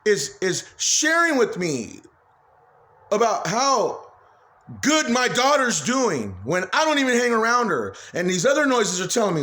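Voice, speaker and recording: A man's voice: high-pitched, very animated, a little slow, bright, forceful tone. A man talking straight into a phone camera in a rambling personal monologue, agitated, swearing freely and repeating himself. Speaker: vlogger.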